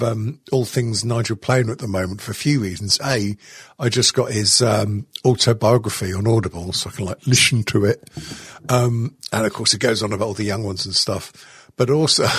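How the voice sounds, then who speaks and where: A man's voice: medium pitch, a bit bright, husky, no echo, clean studio sound. A middle-aged man hosting a podcast, stoned on edibles, rambling and swearing with lots of fillers and giggles. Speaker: podcast host. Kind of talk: casual podcast chat.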